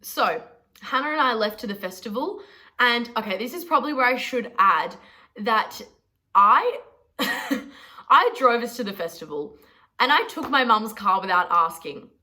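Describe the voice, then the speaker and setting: A woman's voice: on the high side, expressive, moderate pace, pauses often, bright, forceful tone. A young Australian woman telling a story to camera in a chatty, sweary, self-mocking vlog. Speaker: vlogger.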